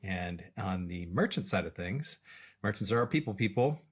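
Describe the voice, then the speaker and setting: A middle-aged man, a podcast co-host and executive coach, explaining ideas in a measured way with many fillers and restarts. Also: deep voice, animated, husky. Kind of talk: casual explanatory chat.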